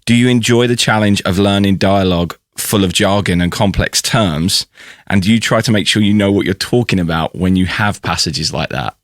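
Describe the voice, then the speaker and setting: A man's voice: sits low, normal speed, dry recording, clean studio sound. A man hosting a podcast, interviewing a guest with brief, laid-back prompts. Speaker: podcast host.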